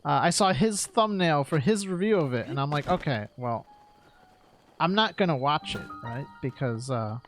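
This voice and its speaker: A man's voice: fairly high pitch, lively intonation, moderate pace, faint music behind. A man from New York chatting casually while streaming, rambling with lots of "like" and "right?" and frequent laughs.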